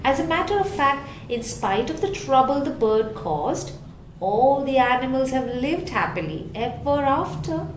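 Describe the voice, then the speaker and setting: Woman storyteller, slow, lively delivery with chatty asides, echoey room, faint ambience. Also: high voice, a little hiss or hum. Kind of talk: reading a children's story aloud.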